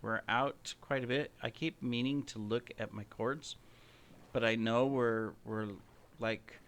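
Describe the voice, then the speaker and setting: A man's voice: mid-range voice, fairly even intonation, measured pace, a bit bright. Rambling, playfully boastful male game host. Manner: chatty, playfully boastful, self-mocking. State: slightly out of breath, coughing. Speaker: gaming channel host. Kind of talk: rambling gameplay commentary.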